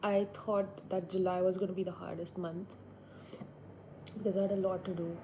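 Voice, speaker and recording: A woman's voice: lowish voice, level tone, normal speed, warm tone, a little hiss or hum, rough recording. A woman in her twenties, talking to herself in a reflective, rambling way as she sits indoors by a window. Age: 20s. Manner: musing, rambling, talks to herself. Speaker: vlogger. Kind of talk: reflective solo monologue.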